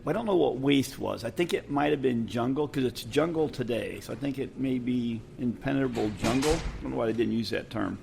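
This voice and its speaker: A man's voice: medium pitch, a little fast, gravelly, hardly any pauses, a little mellow, slight background noise. A man co-hosting a podcast into a headset mic, rambling casually and laughing often. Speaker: podcast co-host. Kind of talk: casual chat.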